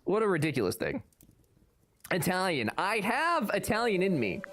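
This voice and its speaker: Lively joking male streamer. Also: high-pitched, normal speed, music in the background. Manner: joking, sarcastic banter reading chat aloud. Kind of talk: casual live-stream chat.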